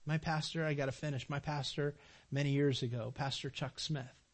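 Middle-aged male pastor, high voice, animated sermon delivery with emotional swings and repeated phrases for emphasis. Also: moderate pace. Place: church sanctuary.

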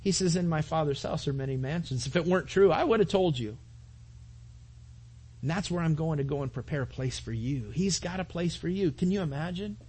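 A man's voice: a little high, lively intonation, a little fast, dark tone, breathy edge. A man preaching a sermon to his congregation, earnest, with repetitions and asides to the listeners. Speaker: pastor.

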